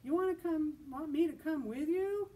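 A woman's voice: mid-range voice, animated, normal speed, a little mellow, slightly rough. A woman voicing a young, boastful, lonely male dragon in a children's storytime reading, eager and pleading.

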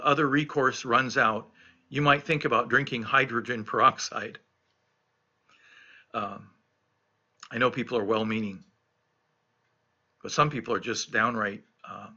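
A man's voice: mid-range voice, sharp tone, dull audio. A middle-aged man, a pastor recovering from illness, giving an earnest devotional reflection on scripture, stressing and repeating key phrases.

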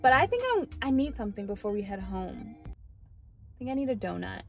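A woman's voice: medium pitch, animated, moderate pace, vocal fry, faint music behind. A woman co-hosting a vlog, chatting in a bubbly, playful way from a car. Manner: bubbly, playful, laughs easily. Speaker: vlog co-host. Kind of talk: casual chat.

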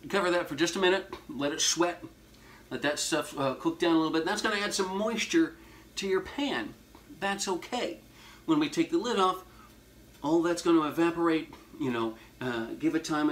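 A horror movie host cooks at a home kitchen stove, talking briskly in a slightly high voice. The demo is casual, folksy and jokey, sprinkled with hip slang, and loud frying and sizzling carry on in the background.

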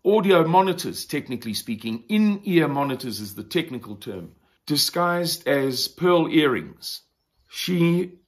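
A man with a South African accent hosting a weekly news review, talking deliberately and opinionatedly, pausing to explain words. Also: mid-range voice. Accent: South African English. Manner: deliberate, opinionated, pauses to define terms. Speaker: news commentary host.

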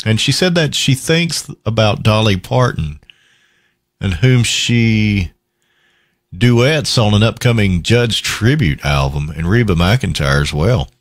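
A man hosting a country radio show, chatting between songs in a lively, easygoing way and chuckling at his own asides. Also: lowish voice, takes it slowly, dry recording, clean studio sound.

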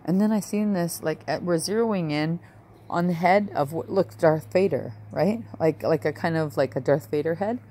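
A woman's voice: deep voice, normal speed, dark tone. A woman telling a rambling, emotional personal story in a casual home vlog, often adding "right?" and "like". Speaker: vlogger.

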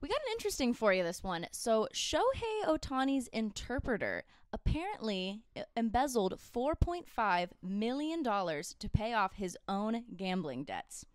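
Woman co-hosting a chat show, bouncy higher voice, dry room, laughs a lot. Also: moderate pace, few pauses, smooth, dry recording. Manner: laughing, lively reactions. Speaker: co-host. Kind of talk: casual chat, reading stories.

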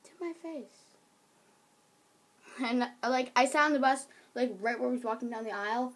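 A teenage girl chats to her viewers in a loose, giggly vlog ramble. Her voice sits a little high, and she jumps from one topic to the next. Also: normal speed, fairly bright tone. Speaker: vlogger. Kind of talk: casual vlog chat.

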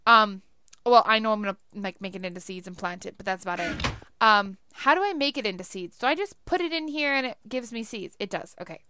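A woman's voice: mid-range voice, expressive, a little fast, pushed and bright, clear, resonant tone. A young woman giving casual let's play commentary, chatty and laughing often as she talks to herself while playing.

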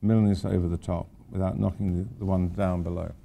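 A man's voice: low-pitched, level tone, fairly quick, gravelly, warm tone. An older man giving an informal architecture lecture to students, rambling with wry, self-deprecating asides. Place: lecture hall at a university.

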